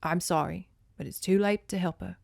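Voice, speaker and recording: A woman voicing a gentle, grave male veterinarian in a lowered, somber tone while reading a storybook. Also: steady tone, moderate pace, gravelly, dry recording, studio quality.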